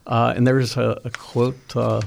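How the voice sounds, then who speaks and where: Gravelly-voiced male interviewer. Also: mid-range voice, flat delivery, a little slow. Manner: encouraging, praising his young guest. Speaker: interviewer host. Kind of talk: casual interview.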